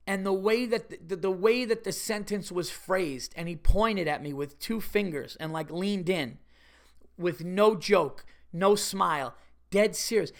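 A man hosting a podcast, telling stories in a casual, animated way, laughing often and swearing freely. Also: sits high, measured pace, vocal fry. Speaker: podcast host. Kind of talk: casual storytelling monologue.

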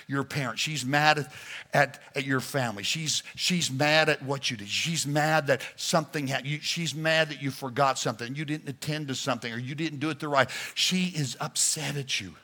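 A man's voice: medium pitch, pushed and bright. A male pastor preaching a sermon, addressing the congregation directly in a playful coaching manner.

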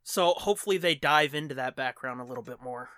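A man co-hosting a podcast in casual chat, animated and joking, swearing casually. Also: medium pitch, smooth, dry recording. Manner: animated, quick impressions and jokes, swears casually. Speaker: podcast co-host.

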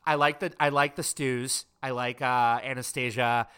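A man's voice: mid-range voice, fairly even intonation, sharp tone, smooth. A man co-hosting a casual reality-TV recap chat, gossipy and opinionated. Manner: gossipy, opinionated, quick to laugh. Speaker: podcast co-host.

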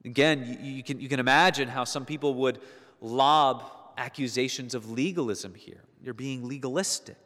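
A man's voice: medium pitch, normal speed, a bit bright. A man preaching a sermon earnestly, rising to emphatic peaks and repeating words as he searches for phrasing. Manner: earnest, building to emphatic peaks on key points. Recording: long hall reverb.

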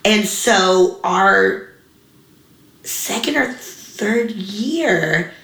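Chatty young woman, bright roomy sound. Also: medium pitch, drawn-out words. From US mountain region. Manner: chatty, many likes, animated quoted voices. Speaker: guest comedian. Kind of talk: casual interview storytelling. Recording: roomy echo.

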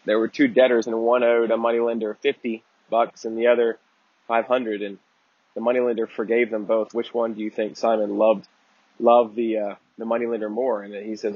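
A man's voice: on the low side, flat delivery, brisk, dry recording, highs cut off. A man giving a conversational Bible teaching talk, earnest and digressive, often restarting his sentences.

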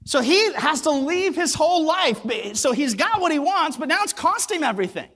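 A man's voice: very high-pitched, very animated, moderate pace, fairly bright tone. A man preaching a sermon, retelling a story with acted voices and emphatic repetition. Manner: emphatic, repeats words for weight. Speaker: pastor.

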